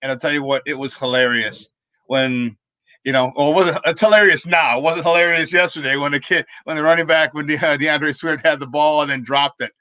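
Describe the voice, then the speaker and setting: A man hosts a sports talk show, telling rambling, animated stories that keep restarting. His voice sits a little high and sounds bright and forceful. The sound is dry and close. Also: fairly quick, no echo. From Chicago. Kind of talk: casual sports talk storytelling.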